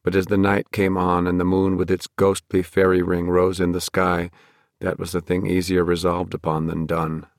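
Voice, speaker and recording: Guy reading a fantasy audiobook, lowish voice, dry close mic. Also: completely flat delivery, moderate pace, no echo. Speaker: narrator. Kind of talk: audiobook narration.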